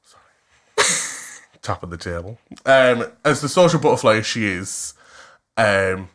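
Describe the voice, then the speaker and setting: A West Cumbrian man in his twenties co-hosts a casual podcast, telling stories in an animated, flamboyant way at an unhurried pace. He laughs often and his voice jumps up high for quoted lines.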